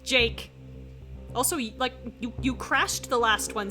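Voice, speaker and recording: A woman streaming a visual novel playthrough, reacting out loud in an excitable, exclamatory way and swearing freely. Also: on the high side, measured pace. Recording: faint game music behind.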